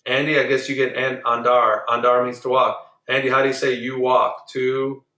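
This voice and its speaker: A man's voice: medium pitch, little pitch movement, moderate pace, bright, forceful tone, echoey room, highs cut off, a little hiss or hum. A man teaching a Spanish class online, drilling verb forms and correcting pronunciation patiently. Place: online video meeting.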